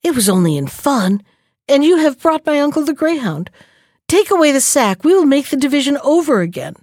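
A woman's voice: high-pitched, sing-song, a little fast, darkish tone, dry recording, studio quality, voice pushed up. A woman voicing a sly, greedy male jackal in a storybook, smug and wheedling.

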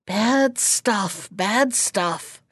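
Croaky mean old crone muttering and mocking, as a lady reading a story puts her on, dry close sound. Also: mid-range voice, expressive, very slow, fairly bright tone, dry recording, full character voice. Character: croaky ragged old hag, sly and spiteful.

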